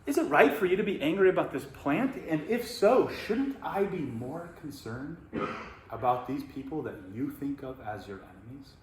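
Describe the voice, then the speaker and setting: A man doing a patient, calmly questioning God. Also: fairly high pitch, normal speed, natural voice. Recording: roomy echo, faint noise.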